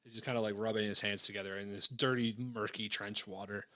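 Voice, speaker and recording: A man narrating a tabletop war role-play as game master, describing scenes in a measured way with frequent fillers. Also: fairly low pitch, steady tone, bright, forceful tone.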